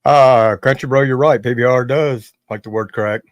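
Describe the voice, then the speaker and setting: Halting man hosting a dry-sounding livestream. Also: mid-range voice, fairly even intonation, no echo, highs cut off. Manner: halting, restarts mid-sentence, defensive. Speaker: livestream host. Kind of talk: casual livestream talk.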